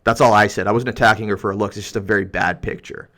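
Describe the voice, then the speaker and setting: A man's voice: fairly low pitch, fairly even intonation, fast, a bit bright. A young man hosting a livestream, reading viewer comments aloud in a heated, rambling rant full of restarts. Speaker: YouTuber reading chat.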